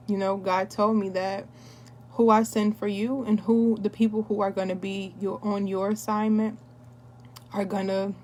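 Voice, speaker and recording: A woman's voice: mid-range voice, a little mellow, slight background noise. A young adult woman recording a candid personal testimony at home, telling her story with repetition and talk of prayer. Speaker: wellness product seller.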